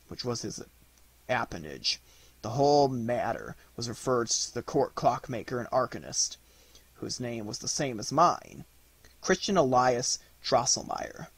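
A man's voice: medium pitch, breathy edge, no echo. A man reading a classic fairy tale aloud as an audiobook narrator, telling it expressively. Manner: expressive, lively storytelling. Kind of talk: storybook narration.

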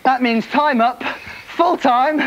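A man hosting a game show, chatty and excitable, urging contestants on. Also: very high voice, slow, lo-fi sound, heavy background noise. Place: TV studio set. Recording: loud music and cheering crowd behind.

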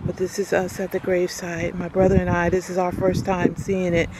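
A woman vlogging on a phone outdoors, soft-spoken and emotional, often saying y'all. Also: on the low side, completely flat delivery, fairly quick. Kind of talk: casual video diary. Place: outdoors by a car and at a cemetery. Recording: outdoor noise with car sounds.

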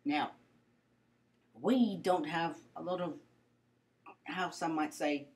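A woman's voice: sits low, takes it slowly, darkish tone. A young woman presenting a comedic mock-science skit, rambling and mock-serious with playful asides. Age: young adult.

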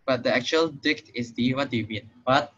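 A man's voice: medium pitch, moderate pace, fairly bright tone, slightly rough. A young man with a Singaporean English accent tutoring programming in an online class, explaining casually with lots of fillers and checking in with "right?". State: slightly out of breath. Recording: muffled lo-fi online call audio.

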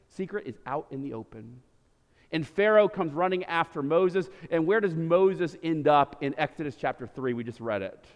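A man preaching a sermon as pastor, animated, swinging from loud emphasis to quiet, low lines. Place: church sanctuary. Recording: reverberant church hall.

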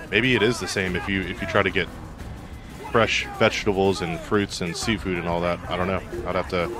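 A fairly low-voiced man streams a video game, chatting casually and cracking jokes as he reads out his viewers' messages. Loud game music plays underneath his voice. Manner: joking, chatty, reacts aloud to the game and reads out chat. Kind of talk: casual gameplay commentary.

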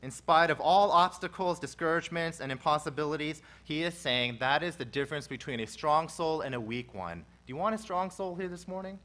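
A male pastor delivering an expository sermon at a church service. He swells loud on repeated phrases, then drops back to a soft, conversational teaching tone. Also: fairly high pitch, fairly quick, hardly any pauses.

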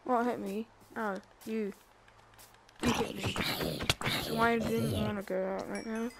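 A woman's voice: on the high side, level tone, a little slow, background noise. A young woman giving casual, chatty commentary while playing a video game, thinking aloud and bursting into laughs and squeals. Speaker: gamer. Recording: game music behind the voice.

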